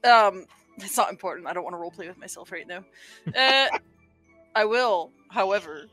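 A woman's voice: mid-range voice, expressive, normal speed, a bit bright, dry recording, faint music behind. A young woman playing a tabletop game, chatting in character and out with a teasing, giggly manner. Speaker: player. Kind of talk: tabletop role-play chat.

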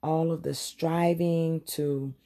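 A woman's voice: low voice, fairly even intonation, slow, dark tone. A woman hosting a podcast and giving a heartfelt personal testimony, speaking straight to her listeners. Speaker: podcast host.

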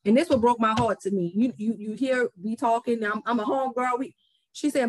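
A woman's voice: a little high, fairly quick, darkish tone, dry recording, low-quality recording. A woman, a podcast guest telling a story. She acts out the voices of the people she quotes and often repeats her words. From New Orleans, US. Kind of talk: casual interview conversation.

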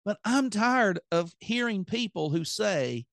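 A man's voice: high voice, lively intonation, slow pace, creaky, few pauses, a bit bright, no room sound, studio quality. A man with a Southern accent preaching an earnest, plain-spoken sermon on his podcast.

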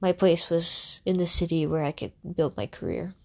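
A woman's voice: fairly low pitch, normal speed, fairly bright tone. A young woman, a content creator, telling a candid personal story in a casual, rambling way, full of fillers and restarts. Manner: candid and reflective.

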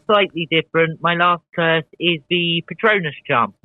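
A man co-hosting a podcast who talks in a measured way and explains things step by step. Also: fairly high pitch, no room sound. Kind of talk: casual chat. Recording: dull lo-fi dry sound.

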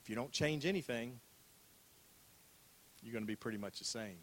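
A man's voice: medium pitch, moderate pace, a bit bright. An older man preaching a sermon as a pastor, talking in a conversational way, repeating phrases and asking rhetorical questions.

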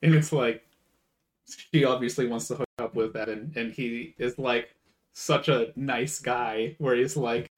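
A man co-hosting a casual podcast, retelling a comedy film and acting out the lines in loud, raised voices. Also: medium pitch, measured pace. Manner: animated, acts out quotes in raised voices. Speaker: podcast co-host. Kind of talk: casual chat, retelling a movie.

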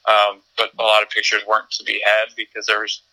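A chatty man with a low-pitched but very bright, forward tone. He tells his story casually, laughs easily and often restarts his sentences mid-thought. It sounds like an easygoing podcast conversation. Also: completely flat delivery, brisk, rough recording. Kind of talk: casual chat.

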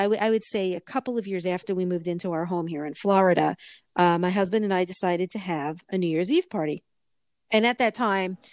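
A woman's voice: no echo, clean studio sound. Chatty middle-aged woman telling stories. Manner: rambling storyteller, frequent restarts and laughter, swinging pitch when quoting. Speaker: co-host of a chat show. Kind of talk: casual chat.

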